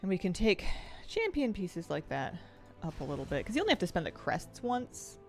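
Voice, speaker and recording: A game streamer chats away while she plays, a woman thinking out loud and laughing easily. Her voice sits a little low and swings widely in pitch. Her delivery has a gravelly edge of fry. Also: wildly swooping pitch, a little fast, faint music behind. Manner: chatty and rambling, thinks aloud, laughs easily. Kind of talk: casual live-stream chat while gaming.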